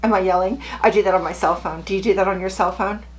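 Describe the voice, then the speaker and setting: A woman's voice: mid-range voice, steady tone, fast. Woman, middle-aged, chatty sewing vlogger, chirpy, faint hum in the background. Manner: chatty, chirpy, self-deprecating. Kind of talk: casual chat to camera.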